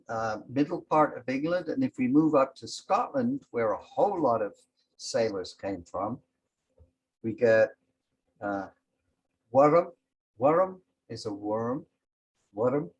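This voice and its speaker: A man teaching a language lesson, explaining words slowly and calling out each one with emphasis. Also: medium pitch, expressive, darkish tone, dull audio. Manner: slow and explanatory, sounding out each word with emphasis.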